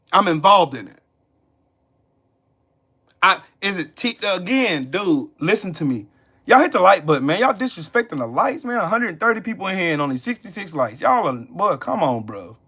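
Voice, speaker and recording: Blunt, high-voiced Southern American man. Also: pushed and bright. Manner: blunt, profane, emphatic and repetitive, reading chat. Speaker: live stream host. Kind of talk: live stream politics rant.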